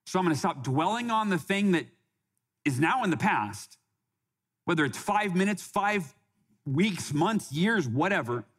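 In a high, husky, slightly bright voice, a podcast guest in his forties relates a personal story, animated but unhurried. He's earnest, often starting over and quoting others along the way.

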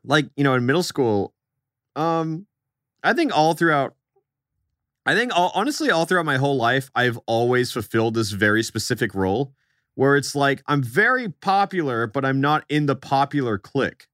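A man's voice: mid-range voice, lively intonation, moderate pace, fairly bright tone, dry recording, clean studio sound. A young man co-hosting a podcast, chatting casually and acting out the people in his story. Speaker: podcast co-host.

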